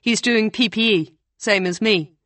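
A man's voice: high voice, unhurried, sharp tone, no echo, voice pushed up. A woman reading the part of a breezy, confident young man student.

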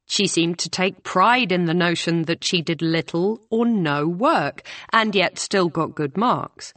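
A woman reading a novel aloud as audiobook narrator, in a measured storytelling manner. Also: lowish voice, fairly bright tone, no room sound. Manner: measured, voices characters with small shifts. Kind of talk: scripted narration.

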